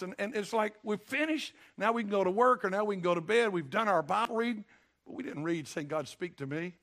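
High-pitched older preacher, folksy and emphatic. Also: male voice, fairly quick, a bit bright. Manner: folksy, emphatic preaching with repeated calls to the congregation. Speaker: pastor. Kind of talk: sermon. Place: church sanctuary.

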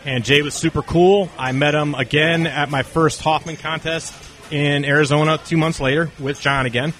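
With soft background music behind him, a North Carolina man whose voice runs on the high side talks at normal speed. As an interview guest he tells long stories casually, animated as he voices the dialogue of those in them.

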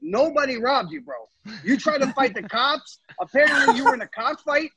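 A young man, co-hosting a podcast and telling a story in a casual, animated way, swearing often. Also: very high-pitched, a little fast, background noise. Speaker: podcast co-host.

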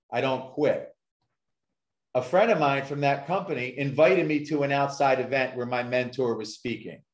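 A man who is a success coach, telling his story as a guest on a podcast in an emphatic way and repeating points for effect. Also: fairly high pitch. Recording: echoey room.

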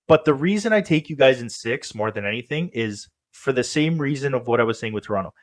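Speaking fast and expressively in a mid-range voice, a man co-hosting a relaxed sports podcast rambles, restarting sentences and leaning on fillers.

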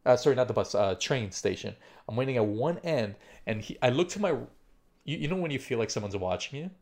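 Gravelly young man telling a story. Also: mid-range voice, expressive, brisk, darkish tone. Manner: swears constantly, acts out his own inner voice; rambling, with restarts and "like" fillers. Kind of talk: casual storytelling.

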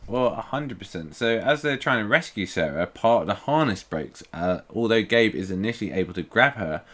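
A man's voice: fairly low pitch, expressive, fairly bright tone. A man co-hosting a casual film review podcast, joking and swearing freely. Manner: sweary, jokey, quick asides. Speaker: podcast co-host.

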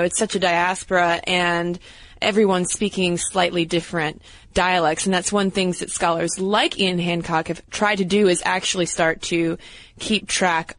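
A woman's voice: on the low side, flat delivery, unhurried, a bit bright, no room sound, low-quality recording. A woman co-hosting a podcast, explaining history in casual chat and checking her pronunciations as she goes. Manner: chatty, explanatory, unsure of some pronunciations. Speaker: podcast co-host.

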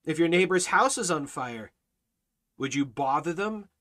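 Forceful, bright-voiced preaching man. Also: on the high side, animated, a little slow. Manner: forceful and preaching, repeats phrases, rising to near shouts. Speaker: Bible teacher. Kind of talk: fiery sermon-style Bible study.

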